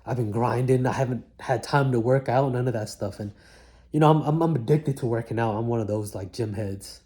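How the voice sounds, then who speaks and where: One mic, one take: a man with a mellow, medium-pitched voice tells his own story a little fast. He reflects casually, with slangy talk full of "like" and "man."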